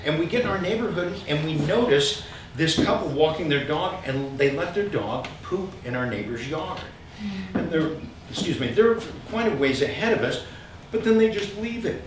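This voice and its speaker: A man telling comic stories about himself, lively and self-mocking, his voice sitting a little high. He is heard from a distance in a very echoey hall with steady background noise. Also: normal speed. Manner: animated and self-mocking, with frequent ums. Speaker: speaker sharing stories at a gathering. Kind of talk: humorous personal storytelling to a live audience. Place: large room with an audience.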